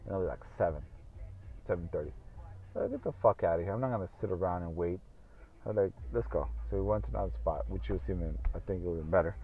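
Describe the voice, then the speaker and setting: Rambling, profane podcast man, low voice. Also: very fast. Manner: rambling, profane, full of fillers. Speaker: podcast host. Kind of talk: casual solo podcast monologue. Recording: tinny phone-like audio.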